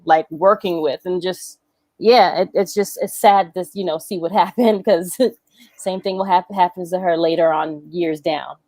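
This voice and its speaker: A woman co-hosting a wrestling review show, reacting in an animated, chatty way with frequent laughs and lots of filler words. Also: on the low side, no room sound. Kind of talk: casual review chat.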